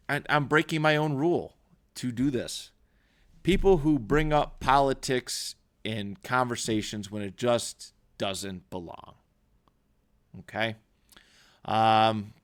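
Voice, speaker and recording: A man's voice: medium pitch, a bit bright. A man hosting a podcast, talking casually and emphatically, restarting his sentences often as he rambles. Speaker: podcast host. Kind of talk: casual solo podcast talk. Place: small recording studio.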